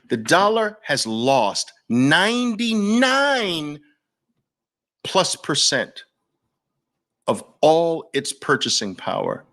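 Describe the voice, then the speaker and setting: Speaking to camera as host, a Brooklyn-accented man with a fairly high, fairly bright voice delivers an impassioned, preachy talk, driving his points home by repeating them.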